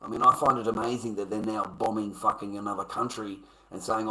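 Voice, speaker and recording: Aussie bloke on a livestream, lowish voice, sharp edge, swears nonstop, blunt. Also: male voice, steady tone, fast, hardly any pauses, rough recording. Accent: Australian. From Australia. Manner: profane, blunt, swears constantly. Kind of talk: casual livestream rant to chat.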